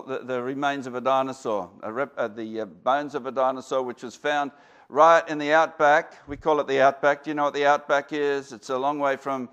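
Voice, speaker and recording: A man's voice: mid-range voice, a bit bright, clear, resonant tone. A man with an Australian accent, a guest speaker giving a rambling, folksy talk to an audience, full of fillers and restarts.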